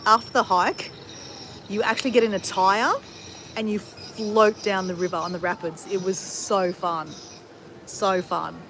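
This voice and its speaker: A woman's voice: mid-range voice, fairly even intonation, a little slow, fairly bright tone, a little hiss or hum. A woman of fifty chatting casually on a travel livestream and answering viewers in a rambling, talkative way with frequent swearing. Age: 50s. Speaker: travel vlogger.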